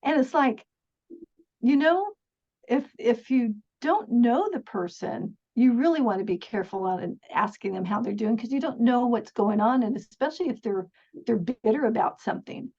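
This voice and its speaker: A middle-aged woman with a slightly high, husky voice tells stories as a podcast guest. She talks earnestly and chattily, laughing often and restarting her sentences. The recording sounds dull and lo-fi. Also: animated, normal speed, darkish tone. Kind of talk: casual storytelling interview.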